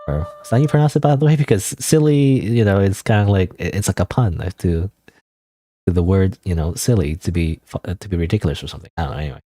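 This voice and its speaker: A man's voice: sits low, quick pace, warm tone, no room sound. A young man streaming a story game, casually commenting, reading dialogue aloud and rambling with frequent self-interruptions.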